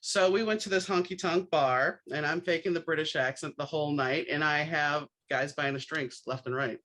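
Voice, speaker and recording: A woman's voice: low-pitched, moderate pace. A woman from New Orleans hosting a podcast, telling anecdotes in a casual, wry way and acting out the dialogue. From New Orleans, USA. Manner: animated storyteller, acts out dialogue with wry asides. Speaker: podcast host. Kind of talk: casual storytelling chat.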